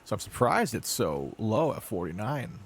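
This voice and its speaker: Halting, word-repeating man on a podcast. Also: on the low side, very animated, slight background noise. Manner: halting, repeats words often. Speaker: podcast co-host. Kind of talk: casual chat.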